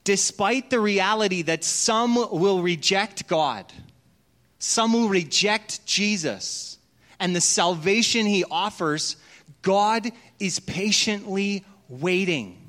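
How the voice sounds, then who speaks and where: Conversational middle-aged male pastor. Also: high-pitched. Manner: conversational storytelling, drops to a hushed voice at tender moments. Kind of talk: sermon.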